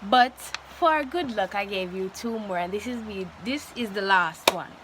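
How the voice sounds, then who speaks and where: A woman's voice: medium pitch, lively intonation, normal speed, fairly bright tone, slight background noise, low-quality recording. A young woman, chatting playfully and joking through a hair tutorial. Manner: playful, jokey, laughs often. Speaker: vlogger. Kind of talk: casual hair tutorial chat.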